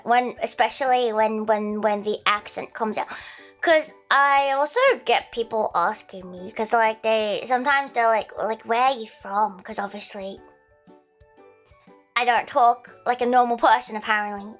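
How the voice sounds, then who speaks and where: A woman's voice: a little high, a bit bright. An Australian woman chatting casually on a livestream, playful and prone to shrieking, giggly laughs.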